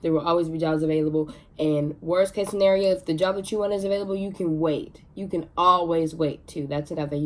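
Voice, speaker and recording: A young woman vlogging, telling her own story in a chatty, excitable way with many fillers. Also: sits low. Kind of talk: casual storytelling to camera.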